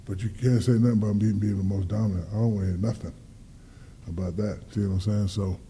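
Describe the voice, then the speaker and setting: A man's voice: fairly low pitch, quick pace, a little hiss or hum. A man in his fifties, a guest in a casual interview, telling stories with energy, acting out dialogue and swearing freely. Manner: animated storyteller, acts out dialogue, swears freely. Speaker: guest athlete.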